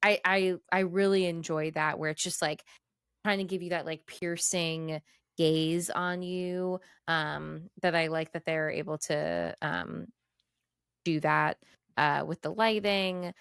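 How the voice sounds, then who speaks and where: Talk loosely and laugh often as a woman chatting on a podcast. Let the words tumble out with plenty of ums and likes. Keep the tone a little low and very smooth and clear, close and dry on the mic. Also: fairly even intonation, takes it slowly, a bit bright, dry recording. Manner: rambling and giggly, many fillers. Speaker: podcast co-host. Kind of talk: casual chat.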